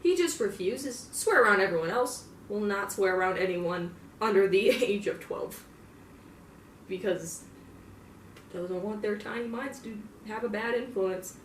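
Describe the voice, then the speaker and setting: A woman's voice: mid-range voice, lively intonation, unhurried, slight background noise. A young woman in a casual, profane in-character monologue, rambling with lots of filler words. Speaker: fan roleplayer. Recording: roomy, distant mic, faint ambience.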